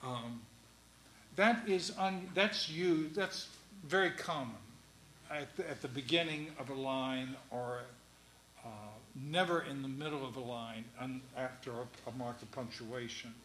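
A man giving a classroom lecture, speaking in a halting, deliberate way with many pauses, ums and restarts. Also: medium pitch, fairly bright tone, reverberant, slight background noise, poor audio. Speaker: lecturer on Shakespeare's verse.

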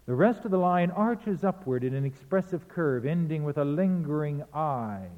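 Demonstrating poetic rhythm by chanting the beats, a literature lecturer talks animatedly at normal speed in a slightly high voice. His lecture is captured with tinny, phone-like audio in a hall full of reverb.

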